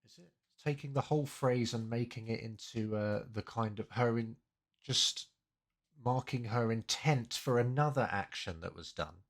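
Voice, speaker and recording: A man's voice: mid-range voice, moderate pace. A man casually breaking down language and grammar, thinking aloud with many fillers and self-corrections. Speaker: language learning streamer.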